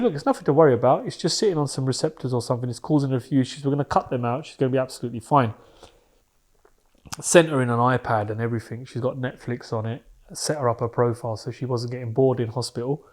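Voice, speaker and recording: Bloke, podcast guest, emotional candid storyteller, slangy and sweary, mid-pitched voice. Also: male voice, quick pace, a little mellow. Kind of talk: personal storytelling.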